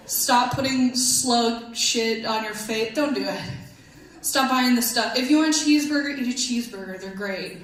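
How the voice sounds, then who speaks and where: Young female stand-up comic, slightly high voice, deadpan self-deprecating delivery, stage mic in a very echoey room. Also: normal speed. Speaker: stand-up comedian. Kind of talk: stand-up comedy set. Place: comedy club stage. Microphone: handheld stage mic. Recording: echoey club room, faint hum.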